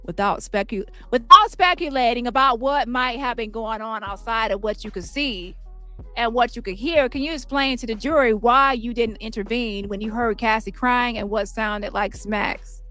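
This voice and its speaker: A woman reading the part of an attorney questioning a witness in court, with brisk, pointed questions and faint music behind. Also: a little high, bright, forceful tone, pitched above the performer's own voice. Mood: probing.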